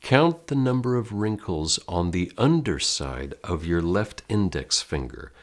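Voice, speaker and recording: A deep-voiced American man who teaches acting in an online lesson, his pitch swinging widely as he talks. He speaks straight to the viewer in a direct, theatrical way, as if addressing a class. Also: animated, a little slow.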